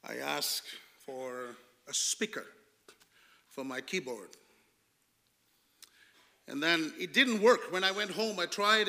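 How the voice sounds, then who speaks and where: A man preaching a storytelling sermon as a pastor, emphatic, swinging from hushed to loud and asking rhetorical questions. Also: fairly high pitch.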